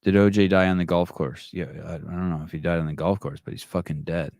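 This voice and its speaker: A man's voice: low-pitched, steady tone, fast, darkish tone, dry recording, clean studio sound. A man hosting a podcast livestream in a rambling, wry way, swearing freely. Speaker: podcast host. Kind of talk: casual livestream chat.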